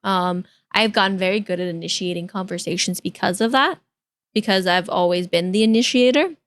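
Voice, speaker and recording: A woman's voice: mid-range voice, fairly quick, no echo. A woman VTuber streamer chatting casually to her stream, candid and rambling, venting with some exasperation. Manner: candid, rambling, with restarts and repeated phrases. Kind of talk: casual reaction-stream chat.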